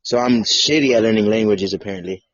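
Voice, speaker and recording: A man's voice: fairly low pitch, fast talker, dry recording, muffled recording. Blunt, swearing male podcast host. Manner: blunt, profane, joking. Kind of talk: casual chat.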